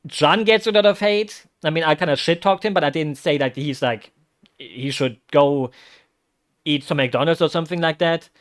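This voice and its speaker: Excitable man reacting to football. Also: a little high, moderate pace, smooth. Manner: excitable, rambling, bursts of loud exclamations. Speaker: vtuber streamer. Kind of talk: live football watch-along reaction.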